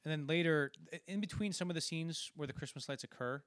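A man's voice: on the high side, fast talker, a bit bright, dry recording, studio quality. A man casually talking through a film, rambling and acting out quoted lines as he retells scenes. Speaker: podcast co-host.

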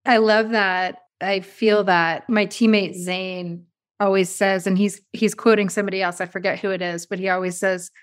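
A woman hosts a conversational interview in an ordinary mid-range voice. She backs her guest with steady affirmations and asks long, open questions. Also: medium pitch, normal speed. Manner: warm, encouraging listener with affirmations. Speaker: interview host.

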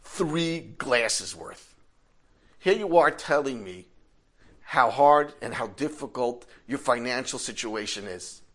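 A man's voice: medium pitch, lively intonation, takes it slowly, fairly bright tone, heavily acted. A man voicing an older rabbi who questions sharply in disbelief. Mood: incredulous. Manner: incredulous, rising questioning. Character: puzzled older male rabbi.

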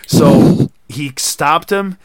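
A man's voice: on the high side, very slow, no room sound. A man hosting a casual podcast chat, telling stories animatedly and acting out quoted voices. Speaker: podcast host.

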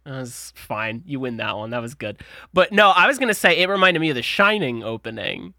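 Animated, bright-voiced man in a dry room. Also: mid-range voice, fairly quick, creaky, no room sound. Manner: animated, laughs often, acts out quotes. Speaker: podcast co-host. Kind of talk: casual movie-riffing chat.

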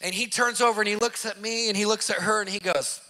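High, forceful man telling a story. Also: steady tone, fast. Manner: emphatic, vivid storyteller who repeats for effect; casual slang. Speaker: Christian activist telling a testimony. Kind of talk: animated testimony storytelling.

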